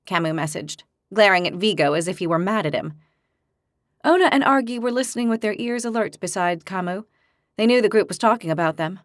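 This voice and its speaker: A woman narrating a fantasy audiobook with even, clear storytelling, recorded on a close studio mic. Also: medium pitch, brisk, dry recording.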